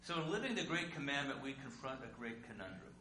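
Conversational male pastor, bright and echoey. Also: medium pitch, sing-song, fast. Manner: conversational, with rhetorical questions and dramatic swings in loudness. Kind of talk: sermon. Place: church sanctuary. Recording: echoey room with faint hum.

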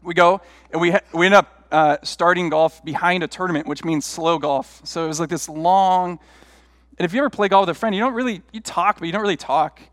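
A man's voice: sits high, brisk, fairly bright tone, no echo, studio quality, big-room sound. A middle-aged man, a pastor, preaching a sermon through rambling, self-deprecating personal stories in a conversational way.

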